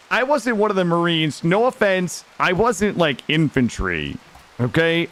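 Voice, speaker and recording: A man streaming a game live, talking casually to his chat in an excitable, slangy way and swearing freely. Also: fairly high pitch, measured pace.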